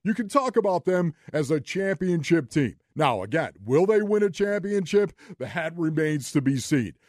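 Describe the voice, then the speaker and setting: A man's voice: fairly high pitch, very animated, normal speed, darkish tone, no room sound, studio quality. A man hosting sports talk radio, emphatic and full of rhetorical questions.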